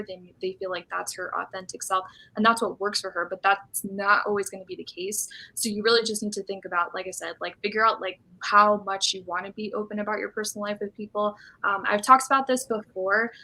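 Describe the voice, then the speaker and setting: A woman's voice: mid-range voice, creaky, sharp tone, poor audio. A young woman, a guest in a casual live-stream chat, talking in a chatty way with lots of "like" fillers. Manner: chatty, frequent "like" fillers, laughs often.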